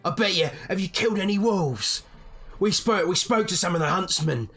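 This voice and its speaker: A man's voice: sits high, animated, moderate pace, sharp tone, breathy edge, faint music behind, voice pushed up, full character voice. A man voicing a rowdy, mocking drunk young villager who taunts strangers. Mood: teasing.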